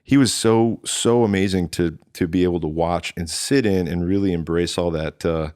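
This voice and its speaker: A man in his thirties, a drummer, telling stories in a casual interview and acting out quotes in lively voices. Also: deep voice, moderate pace, clear, resonant tone, dry recording, studio quality. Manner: animated, quotes himself and others in lively voices. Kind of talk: casual storytelling chat.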